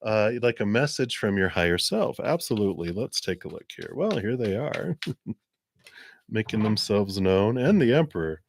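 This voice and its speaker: A man giving gentle, encouraging tarot readings on a live stream, talking casually with soft laughs. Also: on the low side, no room sound, clean studio sound. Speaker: tarot reader.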